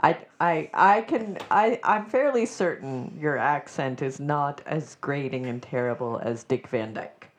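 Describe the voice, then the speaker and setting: A woman co-hosting a casual chat show, answering with quick, wry replies. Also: sits low, lively intonation. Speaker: co-host.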